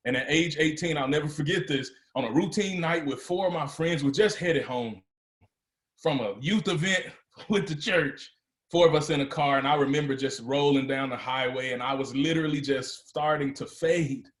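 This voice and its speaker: A man's voice: a little high, normal speed, roomy sound. A man giving a motivational speech to a live audience, telling his story and building to emphatic, rising peaks. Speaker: motivational speaker.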